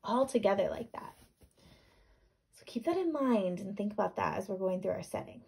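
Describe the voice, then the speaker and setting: A woman teacher reading a picture book aloud to young students, animated, asking questions and sounding words out. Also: medium pitch, moderate pace, gravelly, husky.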